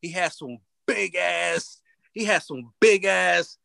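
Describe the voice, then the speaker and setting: A middle-aged man with a fairly high voice tells a story in heavy street slang, repeating phrases and acting out both sides of a conversation. The sound is dry, with no room echo. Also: slow pace, creaky. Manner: animated, slangy, repeats phrases, acts out dialogue. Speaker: guest. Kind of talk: casual storytelling in an interview.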